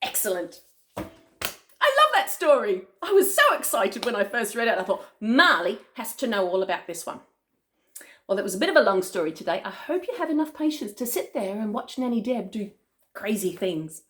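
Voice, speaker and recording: An older woman, a grandmother, reading a picture book aloud to a child in a playful, animated way. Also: a little high, fairly quick. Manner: animated, playful, with gasps and chuckles.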